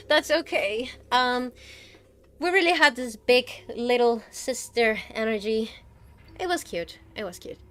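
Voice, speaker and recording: High-pitched young woman in her 20s, giggly chatty streamer, keeps laughing mid story. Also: slow. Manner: excitable exclamations. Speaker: VTuber streamer. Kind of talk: casual chat stream.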